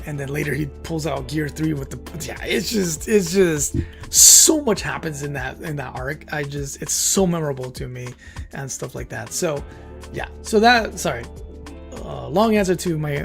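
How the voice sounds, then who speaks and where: A man hosting a livestream, telling a story in casual, excited, rambling chat full of fillers and emotional outbursts. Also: fairly high pitch, vocal fry. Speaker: streamer and channel host.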